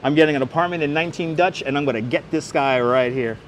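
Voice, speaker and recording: A man's voice: fairly high pitch, fast talker. A man hosting a walking livestream outdoors, chatting with viewers by name and telling street history through a clip-on mic. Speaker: livestream host and city walking guide. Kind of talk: casual walking tour livestream. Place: outdoors on busy city streets. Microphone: wireless clip-on mic. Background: faint street traffic.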